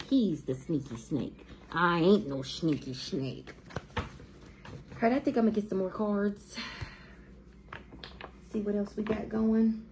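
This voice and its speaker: A woman's voice: mid-range voice, gravelly, warm tone, lo-fi sound, a little hiss or hum. A woman with giving a blunt, profane, heated tarot reading to camera in a casual monologue. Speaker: tarot reader.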